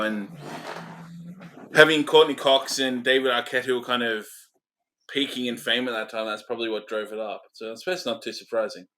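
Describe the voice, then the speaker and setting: A man gives relaxed opinions on a movie, with some hesitations and frequent laughs. His pitch is mid-range and his tone is bright. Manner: easygoing, hesitant, laughs often. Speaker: podcast co-host. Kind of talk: casual film review chat.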